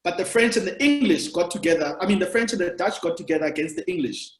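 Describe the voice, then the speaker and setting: A man's voice: high-pitched, expressive, fast. A South African man hosting a podcast, chatting casually and rambling through long explanations of history. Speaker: podcast host, comedian. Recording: roomy echo.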